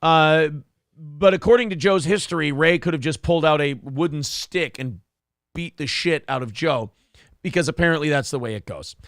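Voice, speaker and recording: A man's voice: a little high, normal speed, fairly bright tone, dry recording, studio quality. A man hosting a casual podcast, telling stories animatedly and slipping into funny voices for the people in them. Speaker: podcast host.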